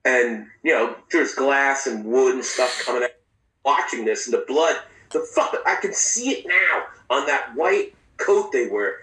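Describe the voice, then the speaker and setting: Man, mid pitch, halting and profane storyteller, heard from a distance in an echoey room. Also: lively intonation, sharp tone. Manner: candid, halting, profane, with frequent restarts. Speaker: interview guest. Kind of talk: personal storytelling in a podcast interview. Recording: roomy, distant mic.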